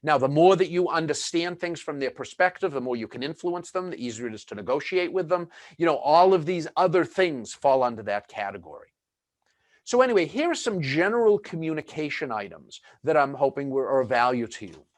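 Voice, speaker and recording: A man's voice: on the high side, expressive, brisk, no room sound. A man presenting a webinar in a chatty, conversational way, full of fillers and asides.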